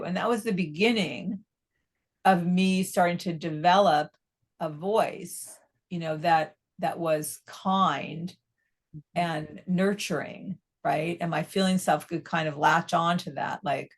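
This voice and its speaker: A middle-aged woman, a psychotherapist being interviewed, explaining in a measured way and often checking in with "right?". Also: on the low side. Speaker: psychotherapist guest.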